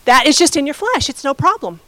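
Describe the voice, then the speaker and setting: A woman's voice: high voice, expressive, brisk, sharp tone, no room sound, rough recording. A woman pastor giving a conversational sermon, often asking the congregation questions.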